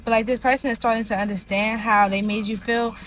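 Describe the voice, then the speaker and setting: A woman's voice: a little high, steady tone, fast, fairly bright tone, slight background noise, low-quality recording. A woman giving a casual tarot reading in a rambling way, leaning heavily on filler words. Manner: rambling, heavy use of "like" fillers. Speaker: tarot reader.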